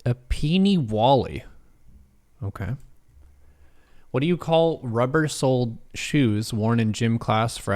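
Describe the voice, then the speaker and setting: In a casual livestream, a man reads quiz questions aloud and muses over each answer. His voice is medium-pitched and a little mellow.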